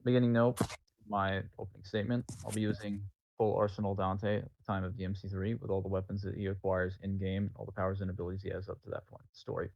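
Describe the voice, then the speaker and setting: A man giving his opening statement in a casual online debate, arguing quickly and technically. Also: low voice, flat delivery, vocal fry, no echo. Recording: dull, dry voice-call audio.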